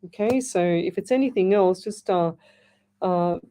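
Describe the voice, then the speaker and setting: Woman, middle-aged, radio psychic host, rambling live chat, low pitch, mellow tone. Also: unhurried. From Australia. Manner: chatty, rambling, frequent restarts. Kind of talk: live radio call-in readings. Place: radio studio.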